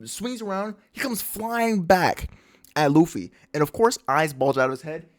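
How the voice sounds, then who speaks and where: A man casually recapping a manga chapter with excited slang and his own sound effects. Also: a little high, moderate pace. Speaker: manga breakdown host.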